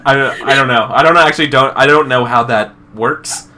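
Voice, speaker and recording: A man's voice: medium pitch, a little fast, bright, forceful tone. A man hosting and running a tabletop game, rambling casually and trailing off with self-deprecating restarts. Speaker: game facilitator and show host. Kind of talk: casual chat while setting up a tabletop game.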